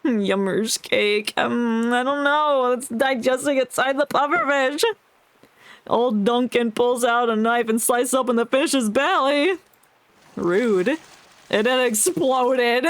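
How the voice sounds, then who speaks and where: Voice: mid-range voice, dry recording. A streamer giving casual gameplay commentary, joking and reading dialogue aloud. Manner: jokey, reads dialogue aloud, laughs often.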